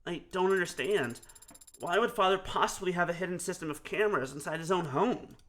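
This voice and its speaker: A man's voice: sits high, brisk, a bit bright. A man reading the lines of a polite, precise young android man in a game. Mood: earnest.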